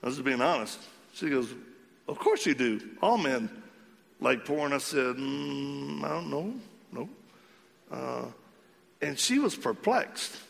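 A man preaching a storytelling sermon, animated and acting out the voices of the people in his story. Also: medium pitch, measured pace, creaky, in a large hall. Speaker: ministry leader speaking to men.

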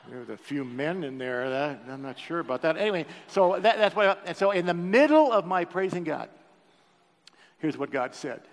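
Older guy preaching, kinda gravelly, big echoey church hall, chatty and emotional. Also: a little high, animated. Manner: storytelling, emotional, pauses to joke with the congregation. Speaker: pastor. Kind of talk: sermon. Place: church sanctuary.

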